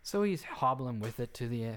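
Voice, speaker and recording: A man's voice: medium pitch, animated, brisk, clean tone. Rambling man telling a story. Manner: rambling, frequent restarts and fillers. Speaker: podcast co-host telling a story. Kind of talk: casual storytelling chat.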